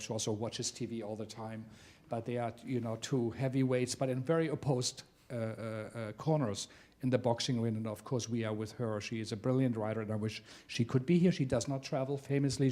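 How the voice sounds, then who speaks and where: A man's voice: mid-range voice, darkish tone. A man delivers a welcome speech to a theater audience as the director of the venue. His voice sits in the middle of the male range, and he halts often with filler sounds while he searches for words. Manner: halting, with many filler sounds.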